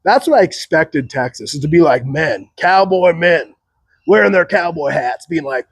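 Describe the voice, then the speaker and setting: A man in a solo commentary rambles on, stacking up fillers and breaking into short laughs. His voice sits slightly high. The recording is dry, with no room sound. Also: lively intonation, normal speed, no echo. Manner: rambling, many "like" fillers, laughs between remarks. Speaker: channel host.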